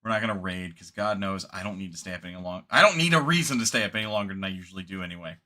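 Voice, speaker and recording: A man's voice: sits low, very fast, sharp tone. A man streaming games, wrapping up in casual rambling chat, tired and yawning late at night. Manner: rambling, laid-back, sleepy.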